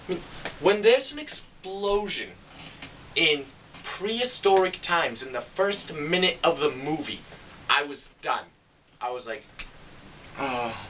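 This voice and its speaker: Man, casual movie-review rant, bright edgy voice, sarcastic and fed up; faint hiss, a bit off-mic. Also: very animated, measured pace, far from the mic, low-quality recording. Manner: exasperated, sarcastic, acts out quotes with big pitch jumps. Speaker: film reviewer.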